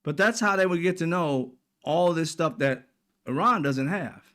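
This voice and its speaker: A man hosting a casual political commentary, talking bluntly with profanity and animated asides, often acting out what other people might say. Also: on the high side, normal speed. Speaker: commentary channel host.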